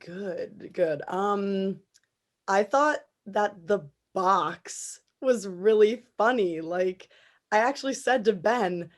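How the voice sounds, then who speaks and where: A woman's voice: medium pitch, lively intonation, takes it slowly. A woman in her twenties co-hosting a casual podcast chat, retelling moments with lots of fillers. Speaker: podcast co-host.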